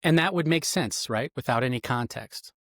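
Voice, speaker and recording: A middle-aged man, a retired federal agent, explaining interrogation methods in an interview with lively, instructive emphasis. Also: medium pitch, normal speed, dry recording, studio quality. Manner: animated, instructive, acts out quoted lines.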